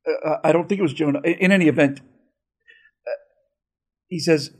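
A male host telling a story in casual chat, pausing and searching for words. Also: fairly high pitch, steady tone, vocal fry, slightly rough.

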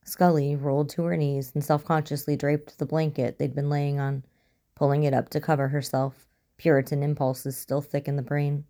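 A woman reading a story aloud as narrator, in a steady, even storytelling manner. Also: low-pitched, moderate pace. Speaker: story reader. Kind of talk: audiobook narration of fan fiction.

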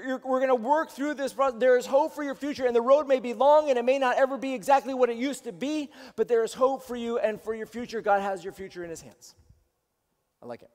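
Pastor, male, high voice, earnest and exhorting, recorded in a church hall with a long reverb tail. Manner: earnest, rising to loud exhortation with frequent restarts. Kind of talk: sermon to a live-streamed congregation.

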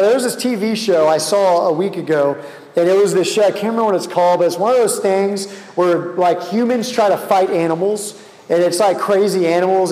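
Young male youth pastor, high-pitched and casual, animated storyteller, recorded in a roomy hall with a long tail. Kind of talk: youth sermon with guided prayer. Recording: echoey hall with long reverb.

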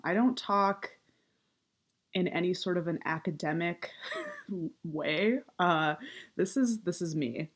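Low, slow woman with vocal fry. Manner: upward inflection, many fillers. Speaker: writer and activist. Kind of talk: casual monologue.

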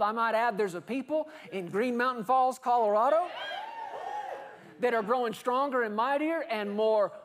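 High-voiced male preacher. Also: moderate pace, a little hiss or hum. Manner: animated, rhetorical, with acted quotes. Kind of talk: sermon.

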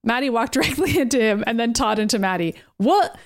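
A woman podcast host reads a comic-style story aloud in a playful, lively way. Her voice sits somewhat high. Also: fast talker. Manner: playful, often breaking into laughter.

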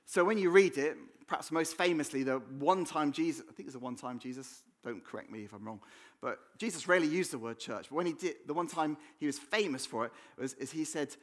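An English man preaches to his church in a loose, conversational way. He jokes, backtracks and repeats words as he thinks aloud, and his voice sits at an ordinary middle pitch. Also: fairly quick, fairly bright tone. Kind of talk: sermon. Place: church hall.

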